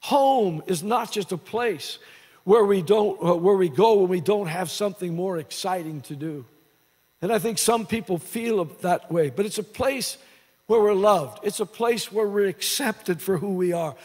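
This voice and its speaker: A man's voice: sits high, a little slow, a little mellow. A man preaching a sermon as pastor, restarting phrases and repeating words as he goes. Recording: long hall reverb.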